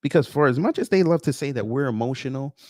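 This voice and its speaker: A man's voice: mid-range voice, animated, fast talker, warm tone, no room sound, studio quality. A man hosting a livestream, reading viewer names and commenting with a sarcastic, mocking edge. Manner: sarcastic, greets chat viewers by name. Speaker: livestream host.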